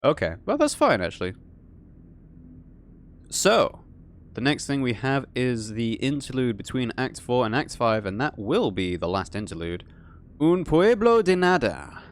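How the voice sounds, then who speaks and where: A man's voice: medium pitch, big pitch swings, normal speed. A man hosting a let's play, giving casual gameplay commentary full of musing, rambling asides.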